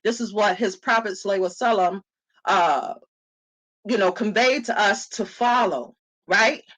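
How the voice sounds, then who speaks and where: Bright-voiced earnest co-host. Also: mid-range voice, moderate pace, poor audio. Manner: earnest, reads viewer comments aloud. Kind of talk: casual religious discussion.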